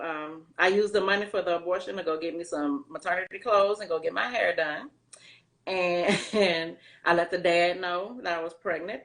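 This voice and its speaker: Low-voiced woman telling her story. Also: fairly bright tone. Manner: conversational, loose Southern phrasing, many fillers. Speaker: interview guest. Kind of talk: candid personal storytelling.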